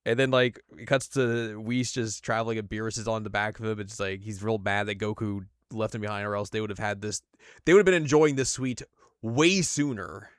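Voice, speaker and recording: A man's voice: fairly low pitch, clean tone, dry recording, clean studio sound. A man co-hosting a podcast, recapping an anime episode in casual chat and acting out bits of it. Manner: animated retelling with quick acted asides. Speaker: podcast co-host.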